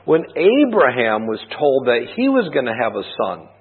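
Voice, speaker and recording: A man's voice: mid-range voice, wildly swooping pitch, moderate pace, breathy edge. A man preaching a sermon, telling a personal story in a conversational way and asking rhetorical questions. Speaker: pastor. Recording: tinny phone-like band.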